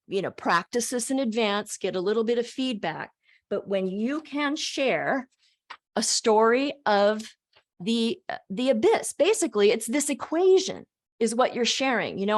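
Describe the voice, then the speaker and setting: An older woman, a speaker and college teacher, gives an animated motivational talk over a video call. She talks expressively, restarting her sentences often. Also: fairly high pitch.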